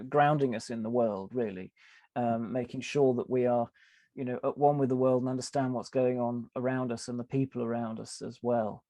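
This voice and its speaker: A man talks through his ideas as a podcast guest, pausing often and restarting his phrases. His voice is warm and mellow with a gravelly edge. The recording is dry and close, with no room sound. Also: mid-range voice, dry recording. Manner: thoughtful, hesitant with many fillers and restarts. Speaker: podcast guest, advertising author. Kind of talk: conversational interview explanation.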